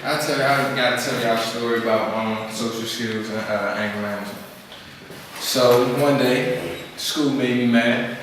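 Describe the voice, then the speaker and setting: A young man speaking at a skills program gives an informal presentation to an audience, telling stories and acting out the voices he quotes. His mid-range voice is steady and moderately paced. The recording picks him up from far off in an echoey hall, with faint noise.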